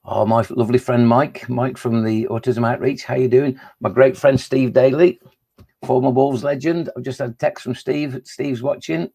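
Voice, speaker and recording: A middle-aged man hosting a live poetry session for children. His voice is gravelly, and he talks in a chatty, jokey, self-deprecating way between the poems. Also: mid-range voice, fairly even intonation, normal speed, mellow. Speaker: children's poet. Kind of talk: live poetry reading with chat.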